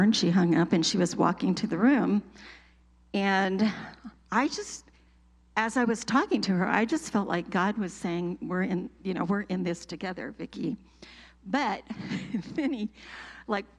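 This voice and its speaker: A middle-aged woman sharing an emotional personal testimony with a church group, telling it with animated feeling and laughs. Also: medium pitch, moderate pace.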